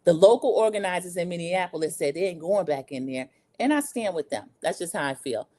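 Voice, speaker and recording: A woman's voice: fairly low pitch, expressive, a little fast, dark tone. A middle-aged American woman hosting a livestream, chatting casually and bluntly about her opinions while reading viewer comments. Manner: blunt, opinionated, candid storytelling. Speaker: livestream host.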